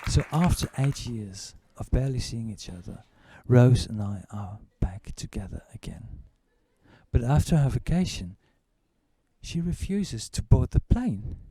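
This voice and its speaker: A middle-aged man doing stand-up storytelling, who acts out other people in high, loud put-on voices. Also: animated, unhurried, husky. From Britain. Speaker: stand-up comedian.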